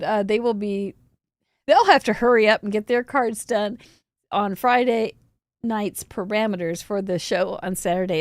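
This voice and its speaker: A woman's voice: on the high side, no echo. A woman hosting a live cardmaking show, chatting casually and rambling with frequent giggles and restarts. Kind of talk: casual livestream chat.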